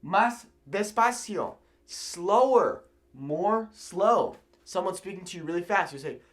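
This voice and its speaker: A man from California teaching a video language lesson, animated and repeating phrases slowly for learners. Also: high-pitched. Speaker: Spanish teacher.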